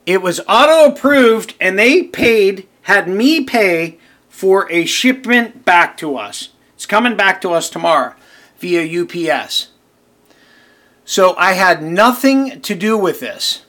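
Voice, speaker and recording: A man's voice: high-pitched, very animated, takes it slowly, pushed and bright. A man who sells online, ranting to camera in an exasperated, indignant, emphatic way. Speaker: online seller. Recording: roomy echo, mic set back.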